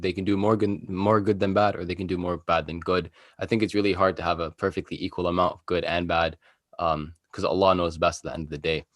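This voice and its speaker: A young man co-hosting a podcast, explaining a topic in a relaxed, conversational way with plenty of fillers. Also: deep voice, dry recording, clean studio sound. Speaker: podcast co-host. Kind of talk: casual podcast chat.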